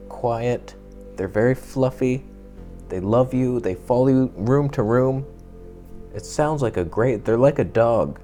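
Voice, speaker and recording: A man's voice: medium pitch, warm tone. A young man chatting casually to camera, telling rambling, jokey stories and swearing now and then. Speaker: vlogger.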